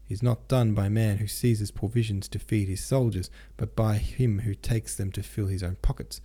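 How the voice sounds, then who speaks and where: A hot-tempered hussar captain who blusters and lisps, turning his r sounds into w, put on by a man reading aloud. The voice sits low and dark, full of gruff audiobook bluster. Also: steady tone, moderate pace, lightly acted. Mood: hoarse, furious. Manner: lisping, r sounds as w; loud, blustering.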